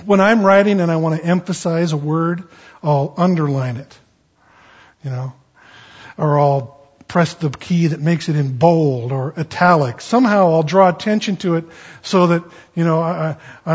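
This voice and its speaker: Husky-voiced man preaching a sermon. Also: high-pitched, moderate pace. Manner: emphatic, conversational teaching with rising bursts. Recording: dull, lo-fi sound.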